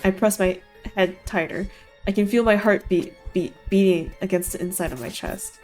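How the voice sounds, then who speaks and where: A woman's voice: mid-range voice, fairly even intonation, moderate pace, a little mellow, soft background music. A woman streamer giving an intense, dramatic first-person reading of a visual novel.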